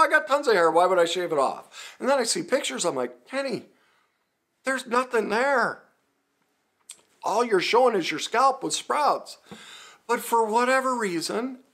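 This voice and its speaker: A middle-aged man giving a self-help talk, laughing at himself and swinging from hushed earnest passages to loud animated ones. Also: medium pitch. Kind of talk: motivational talk to camera.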